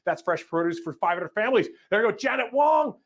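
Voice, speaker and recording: A man's voice: high voice, a little fast. A man hosting a live fundraiser as emcee, energetically calling out donors and thanking them, sometimes stumbling over names. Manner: energetic, upbeat announcing of donors.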